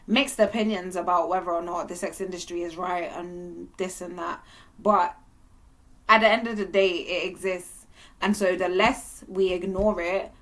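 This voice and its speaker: A young woman gives a candid vlog monologue straight to camera. She speaks at a mid pitch and keeps the talk lively and open. Her delivery is animated, and laughter sometimes breaks through. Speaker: vlogger.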